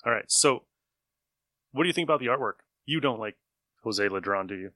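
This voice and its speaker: A man's voice: mid-range voice, animated, a little fast, bright, forceful tone, no echo. A man co-hosting a casual chat, talking fondly and loosely about comic artwork. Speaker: comic book podcast co-host.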